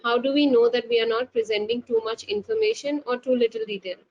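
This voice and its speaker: A woman's voice: on the high side, very animated, fast talker. A woman hosting a webinar, reading out audience questions politely with many fillers and repeated words. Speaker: webinar host. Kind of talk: moderating webinar Q&A. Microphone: video call. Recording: lo-fi web call with faint hiss.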